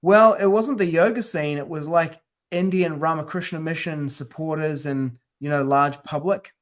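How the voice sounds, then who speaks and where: Podcast co-host, male, high-pitched, chatty storyteller, slangy. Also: normal speed. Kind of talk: casual chat.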